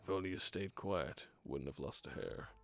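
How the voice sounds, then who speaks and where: A man voicing a cruel teenage gang leader in a game, with a deep put-on voice and a sneering, taunting manner. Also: moderate pace, fairly bright tone, dry recording.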